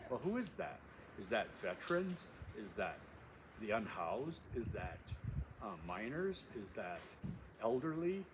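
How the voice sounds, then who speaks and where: Speaking a little slowly in a low-ish, very animated voice, a course instructor introduces his class on a casual video from an outdoor overlook. Wind noise runs through the recording, and he talks emphatically, repeating key phrases with frequent fillers.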